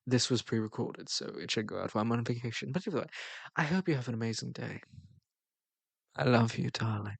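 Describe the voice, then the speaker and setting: A man's voice: medium pitch, a little fast, vocal fry, breathy edge, dry recording. A man hosting his channel, giving a casual, playful and flirty outro and laughing often. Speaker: channel host.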